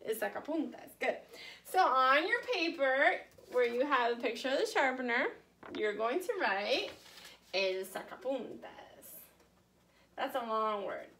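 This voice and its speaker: Animated, high-voiced woman teaching Spanish. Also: a little hiss or hum. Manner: slow, careful modeling of Spanish words; cheerful, encouraging teacher talk. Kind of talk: recorded online class for children.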